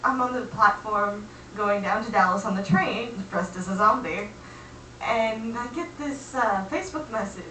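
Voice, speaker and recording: A young woman telling a comic personal story in a chatty, animated way, acting out quoted voices. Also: medium pitch, moderate pace, echoey room, far from the mic, slight background noise, poor audio.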